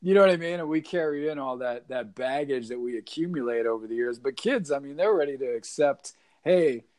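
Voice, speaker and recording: A man's voice: mid-range voice, fairly quick, darkish tone. A man hosting a casual interview, reflecting thoughtfully and often affirming his guest. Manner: reflective, agreeable, many short affirmations. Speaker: host.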